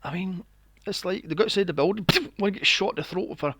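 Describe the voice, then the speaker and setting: A man's voice: high voice, fast, fairly bright tone, no echo, studio quality. A man co-hosting a casual movie podcast, incredulous and swearing freely as he fires off rhetorical questions. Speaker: podcast co-host. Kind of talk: casual film discussion.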